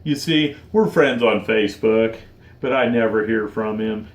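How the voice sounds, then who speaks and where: A man in his forties, choked up and close to tears, speaking slowly and haltingly in a heartfelt personal vlog. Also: lowish voice, reverberant. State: choked up, tearful. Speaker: vlogger.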